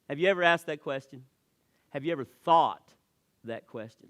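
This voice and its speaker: A male pastor preaching a sermon in church, swinging between loud emphasis and hushed, quiet lines, sometimes repeating words as he starts a thought. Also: on the high side, normal speed, pauses often.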